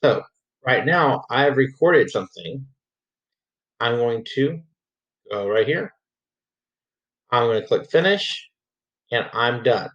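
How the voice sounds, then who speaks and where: Male music teacher, calm step-by-step screencast walkthrough, computer mic, a bit muffled. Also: mid-range voice, takes it slowly, pauses often. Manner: patient, demonstrates rhythms by chanting syllables. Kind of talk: screen-recorded assignment walkthrough. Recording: slightly dull lo-fi audio.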